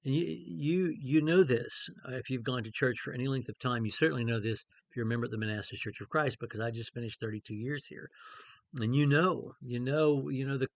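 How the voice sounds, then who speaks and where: A man's voice: mid-range voice, fairly quick, creaky, no room sound. A middle-aged man preaching in a conversational way, with many fillers and restarts as he teaches a Bible passage. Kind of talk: informal Bible study talk.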